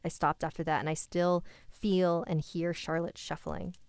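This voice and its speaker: A woman reading a listener's scary story aloud, with quick asides of her own. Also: lowish voice, level tone, a little mellow, smooth, dry recording.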